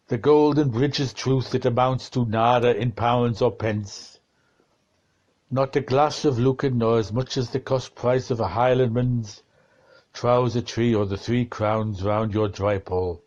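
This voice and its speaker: A man reading a dense novel aloud, slow and deliberate, shifting his tone for the quoted exchanges. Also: mid-range voice, fairly even intonation, a little mellow, muffled recording. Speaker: reader of a novel.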